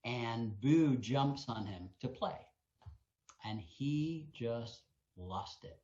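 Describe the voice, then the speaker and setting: Animated man telling a story, echoey. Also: mid-range voice, extremely slow, noisy background. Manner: animated storyteller, acts out sounds. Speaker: wolf sanctuary co-founder. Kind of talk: storytelling in a live Q&A. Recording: echoey, muffled sound.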